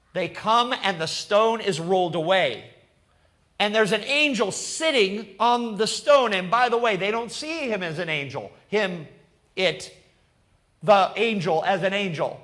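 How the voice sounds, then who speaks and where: A man preaching as a pastor. He tells the story dramatically, falls to a low hush and then rises to loud bursts, laughs often and speaks directly to the congregation. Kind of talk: sermon.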